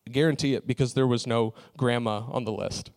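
A man preaching, telling a personal story in a relaxed, conversational way with frequent fillers. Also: mid-range voice, brisk. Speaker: pastor. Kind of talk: sermon story.

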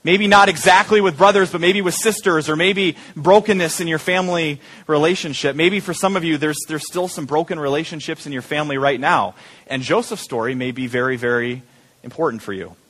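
A man preaching to his congregation in a loose, joking way, often asking them to say words back to him. His voice sits a little high for a man. He talks like a friendly pastor walking through a Bible story. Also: a little fast, a bit bright. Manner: jokey, engaging the audience with call-and-response. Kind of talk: sermon.

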